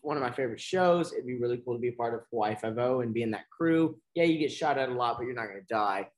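A man's voice: mid-range voice, animated, fast. Laid-back male podcast co-host. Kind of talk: casual chat.

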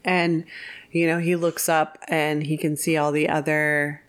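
A woman co-hosting a podcast, casually retelling a film's plot with quick acted-out quotes and laughs. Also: low-pitched, little pitch movement, clear, resonant tone. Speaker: podcast co-host. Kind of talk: casual film discussion.

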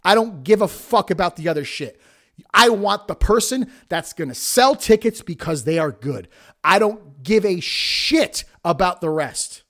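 Brief: higher-voiced man, podcast host, heated profane rant, blunt and defiant. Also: animated, unhurried, fairly bright tone. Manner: blunt, heated, heavy swearing. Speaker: podcast host and wrestling promoter.

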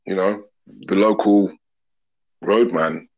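A man's voice: deep voice, fairly even intonation, slow pace, a little mellow, lo-fi sound. A man, a podcast guest talking openly and earnestly in long reflective thoughts. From England. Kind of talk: open casual conversation.

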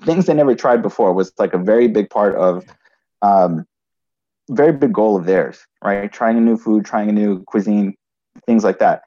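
A man with a lowish, mellow voice tells a personal story in conversation, on a muffled recording. He speaks haltingly, restarts often, and keeps tacking on "right?"

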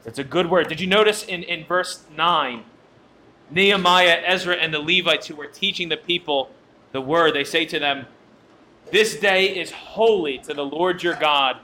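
Bright, high-voiced preacher man. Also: a little hiss or hum. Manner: earnest, emphatic preaching with repeated phrases. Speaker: pastor. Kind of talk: sermon.

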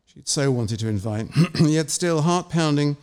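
A man, an author, reading his short story and then telling measured anecdotes in an interview. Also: fairly high pitch, lively intonation, darkish tone, clean tone. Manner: measured and anecdotal, with small restarts.

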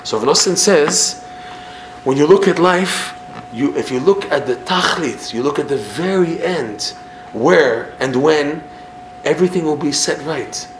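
A man teaching a Torah class in an animated way. He often repeats himself and acts out examples as he explains. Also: a little high, unhurried, a little hiss or hum. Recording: roomy echo with faint ambience.

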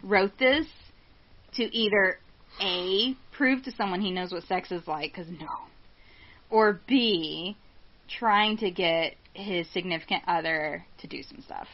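A woman's voice: on the low side, slow pace. Blunt, sarcastic woman podcast host. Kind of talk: casual storytelling chat. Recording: dull lo-fi sound.

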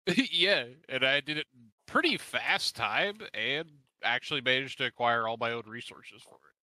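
A man's voice: mid-range voice, animated, moderate pace, bright, forceful tone, no echo, low-quality recording. A man co-hosting a casual podcast, laughing easily and stumbling over his words. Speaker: podcast co-host. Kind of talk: casual chat.

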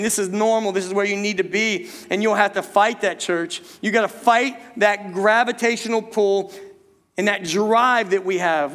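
High-voiced male preacher in a reverberant hall. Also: fairly bright tone. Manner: repetitive, rhetorical questions to congregation. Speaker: pastor. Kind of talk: sermon. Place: church sanctuary.

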